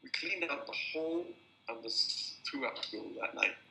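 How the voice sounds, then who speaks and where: An older man, a film director, telling anecdotes at a festival introduction as a lively storyteller who repeats words at restarts. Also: medium pitch, normal speed, gravelly. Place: festival screening venue. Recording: roomy hall sound.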